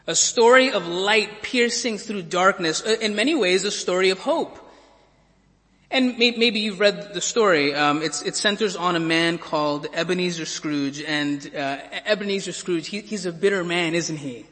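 Man, pastor, sermon, vivid storytelling, repeats words, high pitch, long church reverb. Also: normal speed, sharp tone.

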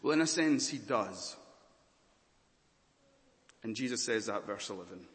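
Dramatic preacher in an echoing hall. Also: male voice, on the low side, expressive, a little slow, pauses often, a bit bright. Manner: dramatic, questions to the congregation, intense. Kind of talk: sermon. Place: church.

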